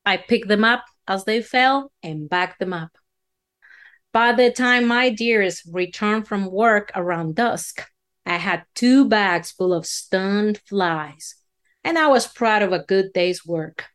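A woman's voice: medium pitch, takes it slowly, fairly bright tone. A woman storyteller spinning a folksy, dramatic tall tale in a drawling way.

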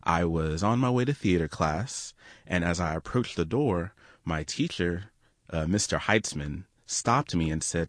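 A man's voice: deep voice, lively intonation, measured pace, dry recording, studio quality. A young man telling an earnest, reflective personal story to an audience. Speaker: storyteller and guest.

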